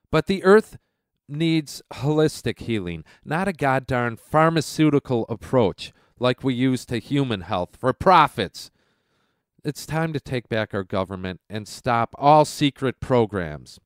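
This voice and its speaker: Male talk-radio host, congested and stuffy, heated sarcastic rant, smooth resonant tone, dry close sound. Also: on the low side, no echo. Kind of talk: political commentary rant. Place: at home.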